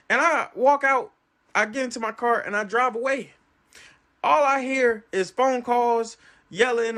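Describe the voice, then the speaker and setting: Man, casual storyteller, swooping animated pitch, acts out every quote. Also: normal speed.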